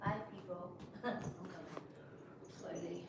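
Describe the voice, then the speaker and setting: A woman making quiet, offhand remarks while tending pet birds, heard from across the room. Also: fairly low pitch, little pitch movement, measured pace. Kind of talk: casual chat with pets. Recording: distant, roomy, with loud background noise.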